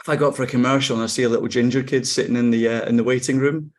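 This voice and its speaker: A man's voice: medium pitch, rapid-fire. Wry Scottish man in his forties. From Scotland. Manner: relaxed, wry, laughs easily, many ums and restarts. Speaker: actor guest. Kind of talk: casual interview chat.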